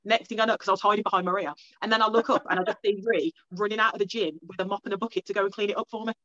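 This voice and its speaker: Fast bright-voiced English woman. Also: medium pitch, steady tone, muffled recording. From England. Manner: chatty storytelling with many restarts. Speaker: strongwoman athlete guest. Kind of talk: casual interview chat.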